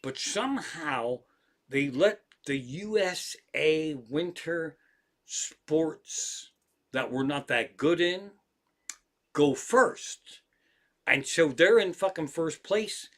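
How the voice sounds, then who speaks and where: A man's voice: on the high side, takes it slowly. A man, a comedian, streaming live from an armchair at home and telling rambling stories peppered with swearing. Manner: profane, animated anecdotes with frequent swearing. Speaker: comedian hosting a livestream. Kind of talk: casual rambling storytelling.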